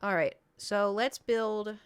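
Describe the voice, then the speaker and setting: A woman's voice: mid-range voice, fairly even intonation, takes it slowly, clean tone. A young adult woman chatting casually on a gaming stream, rambling to chat and her pet.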